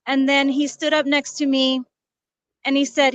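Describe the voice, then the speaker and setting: A woman guest in a conversational interview, speaking earnestly and softly about a personal loss. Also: high-pitched, little pitch movement, normal speed, no room sound. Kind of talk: casual interview, telling a personal story.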